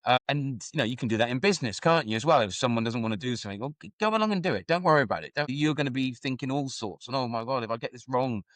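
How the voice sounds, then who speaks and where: Man, middle-aged, podcast guest, reflective, middle pitch, dry close sound. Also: animated, racing, few pauses, a bit bright, no echo. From England. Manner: reflective, full of "you know" and restarts. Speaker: guest, former football club executive. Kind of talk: podcast conversation.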